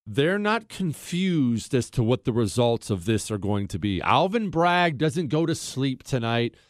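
A man hosting a talk radio show, telling a story in an animated way with sarcastic asides, recorded on a dry close studio mic. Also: medium pitch, measured pace, no room sound.

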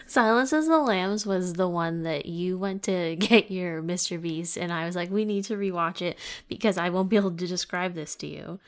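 A woman's voice: lowish voice, normal speed, clear, resonant tone. A woman co-hosting a casual podcast chat, giggling often and rambling through long recaps full of "like". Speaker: podcast co-host.

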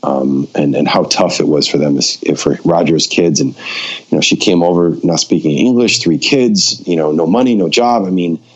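A man, a filmmaker, telling a long anecdote in a casual conversation and acting out the dialogue with lively shifts in his voice. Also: sits low, moderate pace, breathy edge. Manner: animated storyteller who acts out quoted dialogue; frequent fillers and restarts. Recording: dull lo-fi recording.

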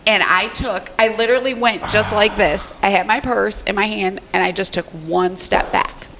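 A middle-aged woman telling a story in casual podcast chat, animated and profane. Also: mid-range voice, normal speed, gravelly, a little hiss or hum. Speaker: podcast guest.

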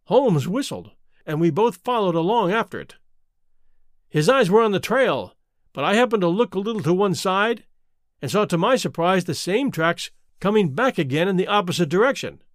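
A man narrating a classic detective story in a measured, expressive reading. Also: high-pitched, dry recording, clean studio sound. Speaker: audiobook reader.

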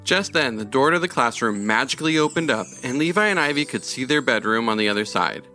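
A man reading a children's storybook aloud in a gentle, even manner. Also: medium pitch, fast talker, faint music behind.

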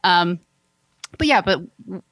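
A woman's voice: on the low side, takes it slowly, no echo. A woman co-hosting a casual chat, recapping a TV episode with lots of laughter and quoted lines. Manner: animated, laughs often, acts out lines in quotes. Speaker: podcast co-host.

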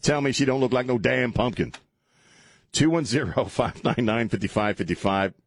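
A man's voice: medium pitch, moderate pace. A man hosting a radio talk show, joking, rambling and laughing as he chats in a studio. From South Texas. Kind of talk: casual radio banter. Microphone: studio microphone.

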